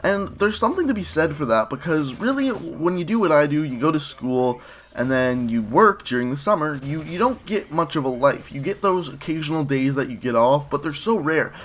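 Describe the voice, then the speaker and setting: A man's voice: a little high, animated, normal speed, fairly bright tone, a little hiss or hum. Young man rambling over gameplay. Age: young adult. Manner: rambling, conversational, frequent fillers and restarts. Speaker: gaming commentary host. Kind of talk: casual commentary over gameplay.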